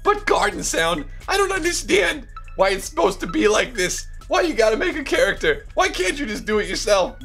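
A man putting on a squeaky, whiny nerd voice. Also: very animated, normal speed, creaky, few pauses, fairly bright tone, faint music behind, exaggerated voice. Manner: whiny, high and strained. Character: excitable squeaky nerdy male alter ego. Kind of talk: comic character bit in a tutorial.

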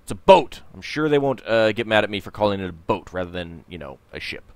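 A man's voice: fairly low pitch, expressive, fast talker, no room sound. A man hosting a casual let's play, rambling and hesitant as he comments on the game. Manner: rambling, hesitant, lots of fillers.

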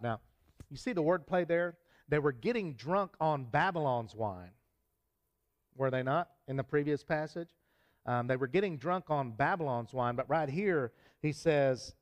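A man preaching a sermon as pastor in a church, earnest, with many fillers and restarts, rising sharply in pitch and loudness on the points he stresses. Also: animated, unhurried. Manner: raises pitch and volume for emphasis. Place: church sanctuary.

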